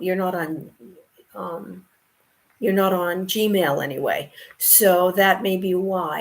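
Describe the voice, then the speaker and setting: A woman teaching ukulele on a live stream, chatting casually and encouraging the viewers as she talks them through a song. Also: medium pitch. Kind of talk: casual instruction and sing-along.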